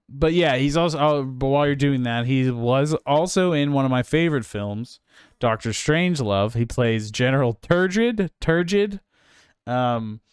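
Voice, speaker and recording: A man's voice: mid-range voice, clear, resonant tone, no room sound, clean studio sound. A man co-hosting a film podcast, chatting casually and enthusiastically, rambling and swearing freely. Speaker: podcast co-host.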